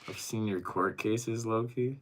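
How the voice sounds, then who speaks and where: A young man streams from a rented apartment, reading chat messages out loud and reacting with casual, profanity-laced banter. His voice sits on the low side. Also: steady tone, a little slow, slight background noise. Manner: reads chat messages aloud and reacts, swearing.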